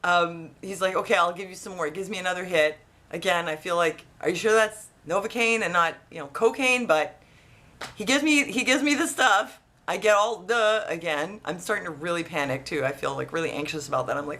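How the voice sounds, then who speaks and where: Woman, 30s, home vlogger, bright tense voice, slightly low pitch, lively retelling with acted-out dialogue. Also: normal speed. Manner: animated, acts out quoted dialogue in her retelling. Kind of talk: casual storytelling to camera.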